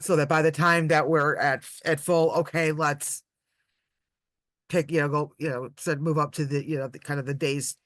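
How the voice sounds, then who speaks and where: A man's voice: fairly high pitch, flat delivery, a little fast, hardly any pauses, fairly bright tone, no room sound. A man playing a tabletop game, describing his character's actions in a rambling way. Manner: rambling, lots of "you know" and "like". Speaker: player. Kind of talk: tabletop role-play chat.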